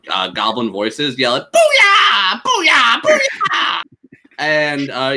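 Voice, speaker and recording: Animated, bright-voiced male game master. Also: mid-range voice. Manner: lively, animated narration. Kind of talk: narrating a tabletop game.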